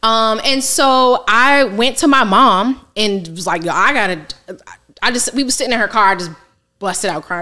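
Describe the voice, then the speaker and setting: A woman financial coach telling her story in a candid, casual interview, animated and colloquial. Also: mid-range voice, normal speed. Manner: lively, colloquial, animated retelling with quoted asides.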